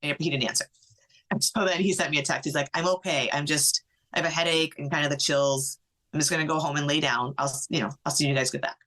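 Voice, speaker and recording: A middle-aged woman, a podcast guest, tells a personal story in an animated way, acting out what others said, with many "like" fillers. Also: deep voice, quick pace.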